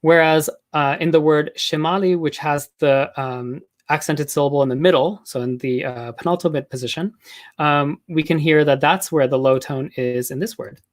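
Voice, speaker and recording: A man's voice: on the high side, normal speed. Casual male linguistics lecturer. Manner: casual, explanatory, with frequent filler words and restarts. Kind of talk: academic talk.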